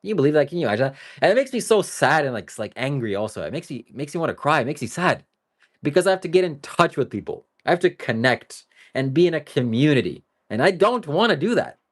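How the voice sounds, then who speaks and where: Man, live-streamer, casual monologue, rambling, joking then earnest, animated lively pitch, talks to viewers. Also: quick pace. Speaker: livestreamer.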